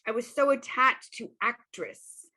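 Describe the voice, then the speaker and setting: A woman's voice: a little high, expressive, unhurried, sharp tone. A woman hosting a casual interview chat, enthusiastic and affirming. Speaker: host.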